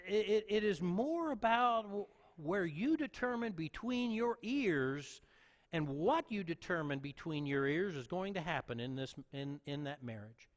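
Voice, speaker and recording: A man with a notably high voice preaches a sermon as a pastor, earnest and emphatic, circling back to repeat his key points. His words ring out with a long reverb, like a big sanctuary. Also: lively intonation, a little slow.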